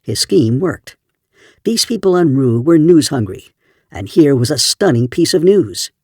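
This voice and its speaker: Guy reading a sci-fi audiobook, kinda high voice, dry close sound. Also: big pitch swings, a little slow, a little mellow, no echo. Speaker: audiobook narrator. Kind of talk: scripted narration.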